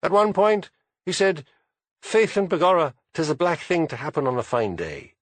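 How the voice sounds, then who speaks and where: A man's voice: medium pitch, big pitch swings, measured pace, creaky, no room sound, exaggerated voice. A man voicing a proud, haughty aristocratic man in his late fifties in an audiobook.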